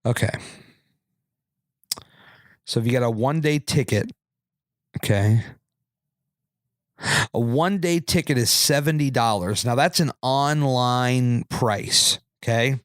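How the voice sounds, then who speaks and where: A podcast host tells a rambling, conversational story full of fillers and asides to his listeners, speaking slowly in a mid-range voice with long pauses. The studio-quality recording has no echo.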